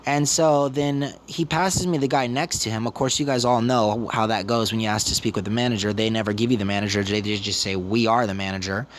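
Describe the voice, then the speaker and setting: Thirty-year-old male vlogger, mid pitch, loose rambling storyteller. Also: steady tone, brisk, few pauses, slight background noise. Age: 30s. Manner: rambling, repetitive retelling. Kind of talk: casual storytelling to camera.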